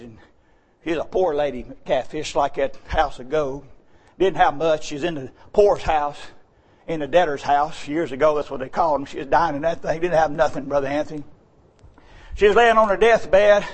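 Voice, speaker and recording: A man preaching a fervent revival sermon in a church, whooping and swinging from low murmurs to shouts. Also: husky.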